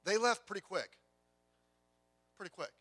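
High, bright-voiced male pastor preaching. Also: measured pace, slightly rough. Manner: lively conversational preaching, jokes and self-repeats. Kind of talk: sermon.

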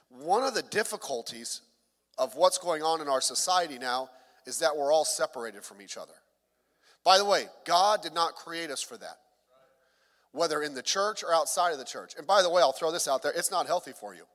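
Middle-aged man, pastor, sermon, high voice, long hall reverb, chatty with jokes. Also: fairly bright tone. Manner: conversational, joking asides, repeats words.

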